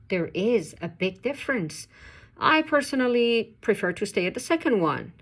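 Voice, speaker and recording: Speaking to the camera in a mid-range voice, a woman teaches English pronunciation, patiently posing questions to viewers and then answering them herself.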